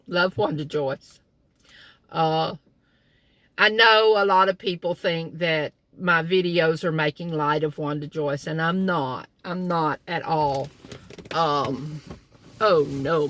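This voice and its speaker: Speaking slowly in a deep, fairly bright voice, a middle-aged woman tells folksy family stories while sitting in her car for a casual vlog. She chuckles along, and there's a little hiss or hum in the background.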